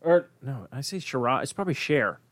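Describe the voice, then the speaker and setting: Animated, swearing young man, dry close voice. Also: mid-range voice, fairly quick, no room sound. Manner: animated, profane, acts out quotes. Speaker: podcast host. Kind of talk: casual chat.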